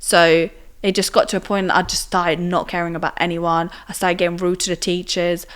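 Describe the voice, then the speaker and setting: Chatty young woman, lower voice. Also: level tone, normal speed, clean tone. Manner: chatty, filler-heavy with frequent "like" and "do you know what I mean". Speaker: podcast guest. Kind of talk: personal storytelling in interview.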